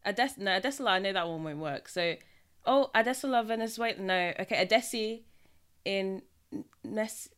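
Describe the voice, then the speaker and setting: A young woman in casual chat, animated and quick to laugh. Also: mid-range voice, clean tone.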